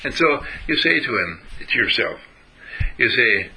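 A man's voice: mid-range voice, animated, unhurried, sharp tone, low-quality recording. A man giving a motivational spiritual lecture, emphatic, repeating phrases and asking his listeners questions.

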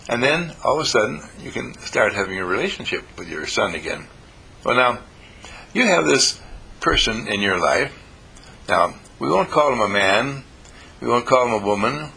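A man's voice: mid-range voice, very animated, normal speed, creaky, bright, forceful tone, husky, rough recording. A man giving a self-help talk, telling stories animatedly and acting out the voices in them. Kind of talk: storytelling talk.

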